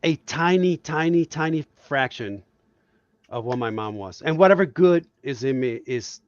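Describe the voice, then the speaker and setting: A man's voice: medium pitch, lively intonation, unhurried, no room sound, dull audio. A man from Puerto Rico, a guest cartoonist, telling reflective, heartfelt stories in a casual podcast chat.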